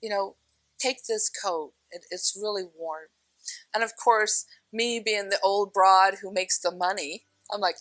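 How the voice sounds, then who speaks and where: A middle-aged woman spiritual teacher telling stories in a casual, animated way, laughing often and shifting her pace. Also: mid-range voice, no room sound. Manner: animated storyteller, laughs often, speeds up and slows down.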